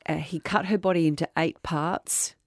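Low-voiced woman telling a crime story. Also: moderate pace, dry recording, studio quality. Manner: conversational, relaxed storytelling with fillers. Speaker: true crime podcast host. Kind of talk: casual storytelling chat.

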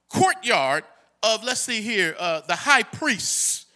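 Man, pastor, sermon, high bright voice, very lively swings, loud bursts and hushed asides. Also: takes it slowly. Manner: preaching with big swings between loud shouts and low murmurs. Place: church sanctuary.

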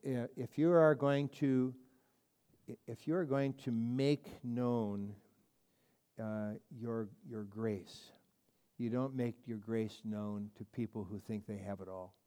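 A man leads a Bible class with a warm, mellow tone. He talks in a chatty, emphatic way, circling back and restarting his sentences as he teaches. His pitch sits in an ordinary middle range. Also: fairly even intonation, slow pace, clear, resonant tone. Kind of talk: conversational Bible study lecture.

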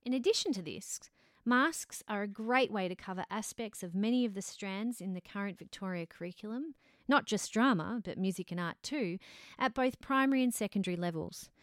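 A woman, a drama teacher answering interview questions in a measured, explanatory way. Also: medium pitch, expressive, dry recording, studio quality. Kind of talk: scripted-sounding interview answers.

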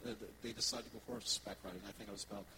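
Low-voiced man preaching a story-driven sermon. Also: racing, very noisy. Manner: animated storyteller, conversational with the congregation. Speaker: worship pastor.

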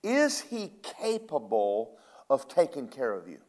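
A man delivers a sermon, paraphrasing scripture in a casual way, alternating loud, emphatic bursts with soft, stretched-out asides. His voice is medium in pitch but swoops wildly up and down.

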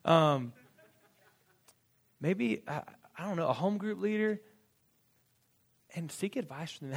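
A man preaching a sermon in a casual, animated way, with quick asides and acted-out quotes. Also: on the high side, gravelly. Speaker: pastor.

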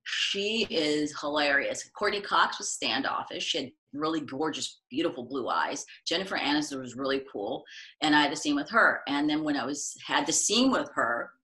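A middle-aged woman from the United States, chatting as an interview guest and telling stories, acting out quotes in lively voices. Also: low-pitched, moderate pace. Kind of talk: casual interview storytelling.

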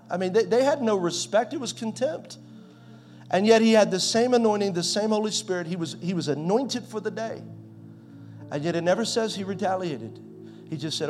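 A pastor in his forties preaching a sermon in a conversational way, swinging from loud to soft. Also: high voice, a little fast, soft background music. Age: 40s.

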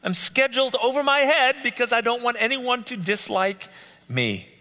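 A man's voice: very high voice, expressive, normal speed, sharp tone, big-room sound. A man leading a live Bible study, earnestly listing traits one by one and repeating key phrases. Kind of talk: live teaching talk. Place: church meeting room.

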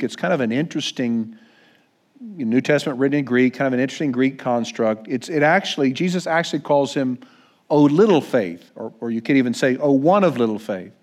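Pastor, man, higher-pitched, preaching a sermon in an earnest, conversational way. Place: church.

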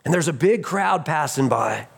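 Animated pastor telling stories, gravelly. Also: male voice, fairly high pitch, normal speed. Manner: storytelling, acts out voices in the story; animated, shouts at peaks. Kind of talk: sermon.

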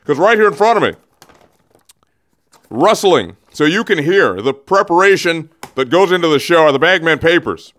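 Guy hosting his radio show, goofy rambling teases, fairly high voice, studio mic. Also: lively intonation, normal speed, fairly bright tone. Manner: rambling, jokey, teasing, restarts mid-thought. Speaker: radio host. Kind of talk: casual radio monologue. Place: radio studio, also streamed on camera. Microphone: studio microphone.

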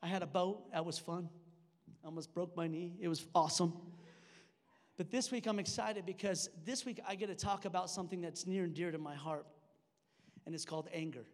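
A man's voice: sits high, fairly even intonation, fairly quick. A young man preaching a sermon in church, conversational and joking, with frequent restarts. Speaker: pastor. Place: church sanctuary. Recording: long hall reverb.

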